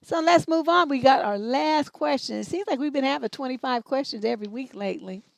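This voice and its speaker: A woman's voice: high voice, fairly quick, creaky, no room sound. A middle-aged woman hosting a livestream advice show, reading viewer questions aloud and answering in a blunt, profane, mocking way.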